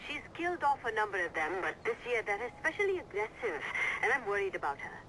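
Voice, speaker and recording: An actress voicing a brisk, commanding rebel woman who hands out orders. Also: medium pitch, big pitch swings, pushed and bright, slight background noise, rough recording. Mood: instructive.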